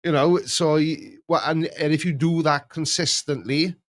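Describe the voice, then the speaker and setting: A man's voice: a little high, moderate pace, dry recording, clean studio sound. A middle-aged man with a Welsh accent, rambling through a casual chat and dropping in plenty of yeahs as he hosts. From Wales. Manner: chatty, rambling, lots of yeahs. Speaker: channel host.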